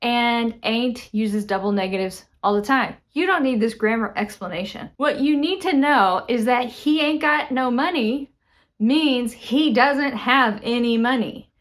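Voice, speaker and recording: A woman's voice: fairly high pitch, a little slow, few pauses. Texan woman teaching spoken English. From Texas. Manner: expressive, chatty, playful. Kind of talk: casual spoken English lesson.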